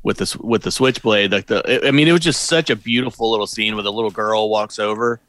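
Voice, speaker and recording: A man with a lowish but sharp, bright voice, talking casually about a film he loves. He gushes over the scenes he enjoyed. The sound is close and dry. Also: quick pace, no echo. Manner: enthusiastic, gushing about scenes. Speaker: podcast co-host.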